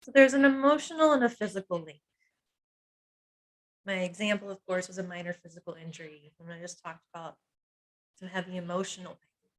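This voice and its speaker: A woman's voice: fairly low pitch, fairly quick, pauses often, poor audio. A woman hypnotherapist teaching a masterclass on emotional pain, speaking in earnest, confiding short phrases and listing feelings one at a time with light laughs. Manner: earnest and confiding, draws on her own life.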